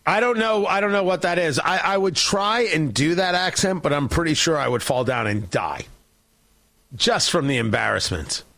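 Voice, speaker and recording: A man's voice: fairly high pitch, expressive, normal speed, hardly any pauses, a bit bright. A male talk show host giving sarcastic, rambling political commentary. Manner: sarcastic, mocking, rambling with restarts.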